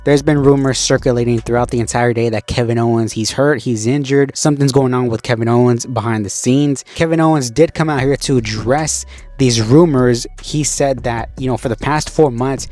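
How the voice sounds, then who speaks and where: A man's voice: medium pitch, fairly even intonation, normal speed, a little mellow, faint music behind. A man hosting a casual spoken recap, talking loosely and conversationally with frequent fillers. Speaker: wrestling show recap host.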